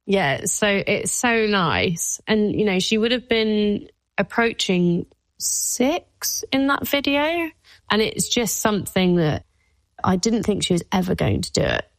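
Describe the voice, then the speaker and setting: A woman's voice: medium pitch, animated, a little slow, dry recording. A woman, a guest speaking openly and emotionally, with plenty of "like" fillers. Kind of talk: candid personal conversation.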